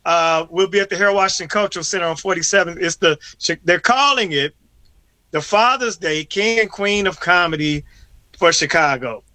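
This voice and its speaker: A man's voice: high-pitched, moderate pace, pushed and bright, no echo. A man, a comedian joining a radio talk show by remote video call, joking conversationally with some stammering restarts. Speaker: comedian guest. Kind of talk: casual radio interview.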